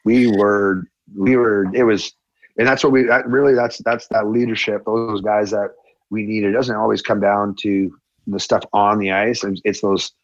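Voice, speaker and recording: A former hockey player telling a story in a casual chat, acting out the quotes with a raised voice. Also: male voice, lowish voice, normal speed, no echo, lo-fi sound. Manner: animated, acts out quotes with a raised voice.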